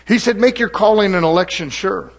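A man's voice: high voice, brisk, creaky. A middle-aged man preaching a sermon, fiery and mocking, calling out to the congregation.

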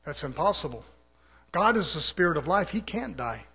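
Husky preacher swinging soft to fervent. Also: male voice, big pitch swings, normal speed. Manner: swings from soft murmurs to loud, high-pitched exhortation; folksy, conversational preaching with rhetorical questions. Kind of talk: sermon.

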